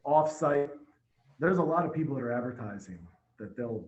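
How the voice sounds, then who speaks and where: Male dealership manager, podcast guest, animated storyteller; dull remote-call audio. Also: mid-range voice, normal speed, reverberant. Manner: storytelling, energetic, with frequent restarts. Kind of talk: casual podcast conversation.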